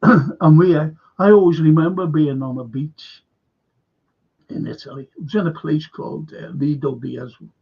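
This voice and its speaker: A man's voice: fairly high pitch, fairly even intonation, moderate pace, creaky, breathy edge, muffled recording. An older man from Liverpool with a Liverpool accent, rambling through anecdotes and swearing freely while hosting a livestream. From Liverpool, England. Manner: swears freely, tells stories with frequent fillers. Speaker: host.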